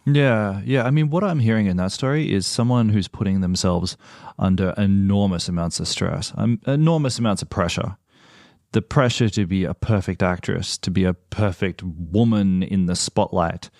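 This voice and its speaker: A man hosting an interview podcast, reflecting on his guest's stories in a measured, thoughtful way. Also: sits low, creaky, darkish tone, dry recording, clean studio sound. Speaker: podcast host. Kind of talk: conversational interview.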